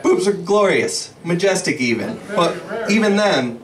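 Young man, stand-up comic, slow deadpan, lively pitch, far mic, loud crowd. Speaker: first-time stand-up comedian. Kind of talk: stand-up comedy set. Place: small bar comedy stage.

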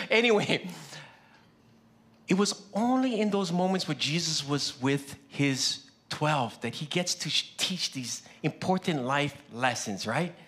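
A male pastor preaches in a slightly high, animated voice that jumps around in pitch. He keeps it conversational, checking in with the congregation with repeated questions, and his first language is Pidgin. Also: slow. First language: Hawaiian Pidgin. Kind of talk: sermon.

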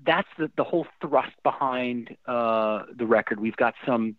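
A middle-aged man, a guest musician telling stories in a casual interview, animated and emotional, often restarting his sentences. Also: mid-range voice, measured pace, dry recording. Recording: dry tinny phone-like line.

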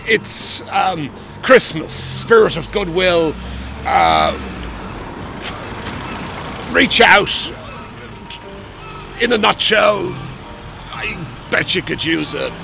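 Flustered miserly uncle. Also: male voice, on the high side, expressive, slow, long pauses, music in the background, exaggerated voice. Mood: jovial. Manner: flustered, gruff, stammering. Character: grumpy miserly lawyer uncle, male, reforming. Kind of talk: comedy sketch acting.

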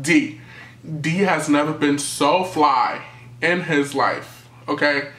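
A young man from New City, telling a storytime tale in a lively, animated way and acting out what people said. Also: a little high, echoey room. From New York City. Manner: animated storytelling, acting out quotes, jumps to yelps. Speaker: vlogger. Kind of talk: storytime vlog.

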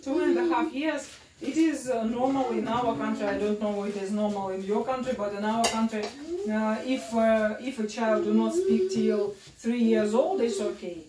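A woman's voice: a little high, moderate pace, crowd noise. A young woman with a Russian accent, talking casually in broken English in a cooking vlog, hesitant with many fillers and restarts. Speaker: family vlogger. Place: home kitchen. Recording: echoey room, distant mic, audible noise.

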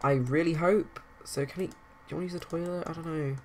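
Low-voiced woman rambling over her sims game, gets worked up easily, faint hum in the background. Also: quick pace. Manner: chatty, rambling, bursts of excited outrage. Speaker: let's play narrator. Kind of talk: casual game commentary.

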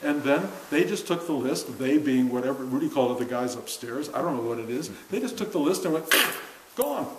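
A man's voice: medium pitch, fairly quick, hardly any pauses. An older man giving an informal spiritual talk to a class, earnest and conversational, often laughing as he speaks. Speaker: spiritual teacher. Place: room with a seated audience. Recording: roomy echo with faint hiss.

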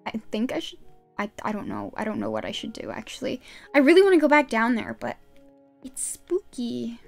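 A high-pitched woman streamer whose voice swoops up and down as she chats and giggles through her gameplay. She talks straight to her viewers into a desk microphone at home, with faint music playing underneath. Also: wildly swooping pitch, brisk, creaky. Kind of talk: casual gameplay commentary. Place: home gaming setup.

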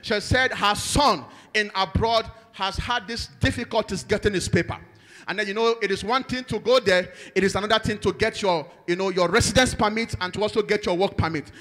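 A man with a very high, bright and forceful voice, preaching at a church service. He relays testimonies in a lilting sing-song cadence and calls the congregation to praise. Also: brisk, in a large hall. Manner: sing-song cadence rising to loud exhortations.

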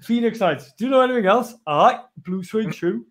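A man's voice: sits high, expressive, fairly quick, fairly bright tone. A man co-hosting a podcast, joking and mock-exasperated in casual banter. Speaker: podcast co-host.

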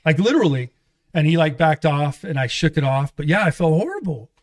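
A podcast guest who is a pastor speaks a little fast in a slightly high voice with big swings in pitch. He rambles through an honest personal testimony, restarting as he goes and dramatizing the quoted dialogue.

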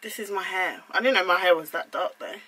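A woman's voice: lowish voice, brisk, sharp tone, husky, rough recording. A young woman vlogging at home, flustered and exclaiming in disbelief as she swears her way through cutting her hair. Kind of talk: casual vlog.

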